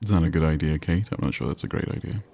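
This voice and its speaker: A man's voice: extremely low pitch, fast talker, gravelly, mellow, a little hiss or hum. A man with a northern English accent chatting casually while streaming a game, musing and answering chat. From England. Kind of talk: casual gameplay commentary.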